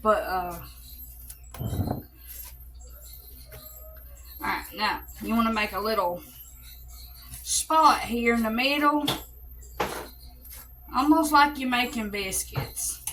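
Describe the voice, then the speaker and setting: A woman's voice: on the high side, lively intonation, slow, pauses often, music in the background, poor audio. A woman with an Alabama accent, chatting casually through a cook-along in her home kitchen and explaining each step to her viewers. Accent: Southern US, Alabama. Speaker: home cooking vlogger.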